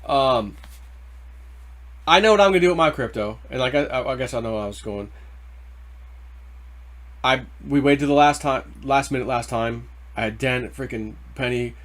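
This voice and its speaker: A man hosting a casual crypto video, rambling through price talk in loose slang and getting worked up over the numbers. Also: medium pitch. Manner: rambling, excitable, quick to get worked up over price ticks. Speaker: crypto channel host. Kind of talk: casual market commentary.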